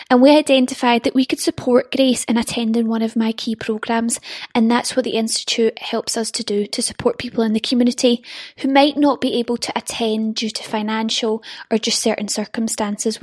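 A woman's voice: on the high side, a little mellow, slightly rough, dry recording. A woman hosting a podcast, encouraging her guest and explaining things to listeners. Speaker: podcast host. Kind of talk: podcast conversation.

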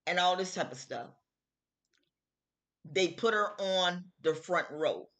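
Slow, emphatic woman hosting a talk. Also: lowish voice, a bit bright. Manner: slow, emphatic, repeats phrases, mimics other people. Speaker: host. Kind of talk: casual opinion talk.

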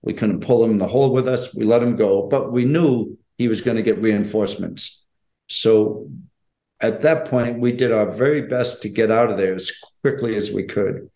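A man's voice: fairly low pitch, dark tone. Earnest older man in a roomy space. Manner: measured, earnest, plainspoken. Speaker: guest, former special forces operator. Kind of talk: storytelling in an interview. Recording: roomy echo.

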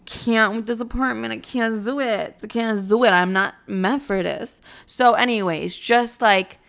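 A woman's voice: fairly high pitch, unhurried, vocal fry, fairly bright tone. A young woman chatting casually to camera in her apartment, giving bold dating advice in a cocky, profane way, full of "like.". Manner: brash, cocky, profane, lots of "like". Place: apartment at home.

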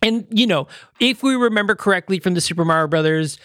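A man's voice: high voice, fast talker, no echo, studio quality. A man hosting a podcast in casual chat, rambling with lots of fillers and restarts and slipping into little voices when he retells what people said. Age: adult parent. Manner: animated retelling, quoting others in little voices. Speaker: podcast host.

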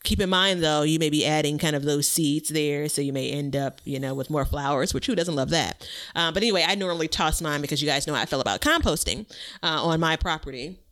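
A woman's voice: sits low, fast, a bit bright. A woman hosting a gardening podcast, chatty and laughing often as she explains tips. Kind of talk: casual chat.

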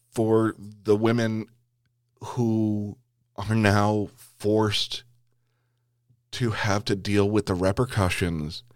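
A man's voice: on the low side, clear, resonant tone, no echo, clean studio sound. A man hosting a podcast, delivering an angry political rant full of swearing and stumbling restarts. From United States. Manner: heavy swearing, repeated restarts.

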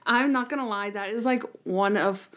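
A woman's voice: mid-range voice, moderate pace, a bit bright. A woman co-hosting a casual recap chat, talking enthusiastically and dropping in lots of "like". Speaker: podcast co-host.

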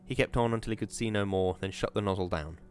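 A man reading a story aloud in steady, measured audiobook narration. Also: on the low side.

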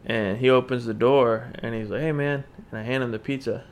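A podcast co-host spins a crude anecdote with a gravelly, fry-laced voice. He talks in an animated, slangy, profane way at an ordinary pitch for a man. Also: brisk. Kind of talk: casual storytelling chat.

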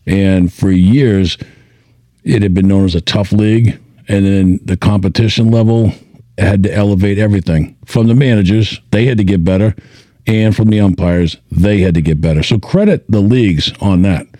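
A man's voice: fairly low pitch, moderate pace, mellow, dry recording. A male podcast host in casual chat, explaining background for listeners.

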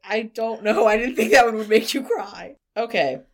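A woman's voice: on the high side, moderate pace. A young woman cohosting a podcast, chatting casually in a blunt, profane, teasing way. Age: young adult. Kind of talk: casual chat.

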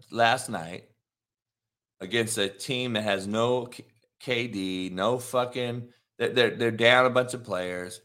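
A man giving a heated, profane sports rant, repeating himself and now and then breaking into shouts. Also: mid-range voice. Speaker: sports commentator.

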